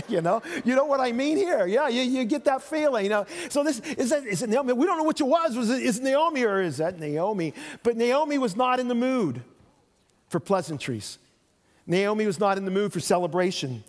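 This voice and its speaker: High-voiced pastor preaching in a reverberant hall. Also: male voice, expressive, fairly quick. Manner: storytelling, acts out voices of biblical figures. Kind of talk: sermon. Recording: long reverb of a church hall.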